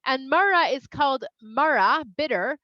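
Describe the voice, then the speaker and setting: A woman from Toronto, telling a kids' story in an animated, expressive way with playful asides. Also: high-pitched, moderate pace, no echo. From Toronto, Canada. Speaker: children's Bible storyteller. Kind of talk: storytelling for kids. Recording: slightly dull, dry sound.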